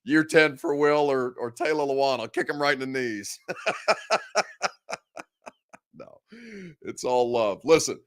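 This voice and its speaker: A man's voice: mid-range voice, normal speed, clear, resonant tone. A man hosting a casual sports talk show, joking about himself and breaking into mock rants. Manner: self-deprecating, jokey, ranting.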